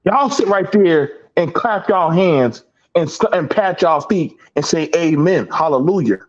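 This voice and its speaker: A man's voice: high voice, unhurried, highs cut off. Emphatic, profane man telling stories. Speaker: podcast host. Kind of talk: heated panel talk.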